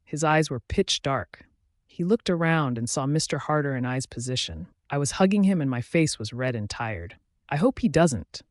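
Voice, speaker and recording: Man, story narrator, first-person reading, steady even pace, mid pitch, dry close sound. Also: moderate pace, no echo.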